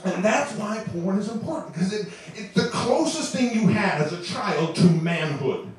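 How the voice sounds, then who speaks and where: This stand-up comedian, a man in his twenties, speaks at a normal speed in a high voice with lively intonation, laughing at his own jokes. It's recorded from afar in an echoey club, with the audience audible.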